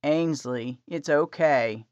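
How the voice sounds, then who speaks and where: A woman voicing a tender, protective adult husband, speaking low, gentle and concerned. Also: slow, no echo. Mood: soothing. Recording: dry, slightly dull audio.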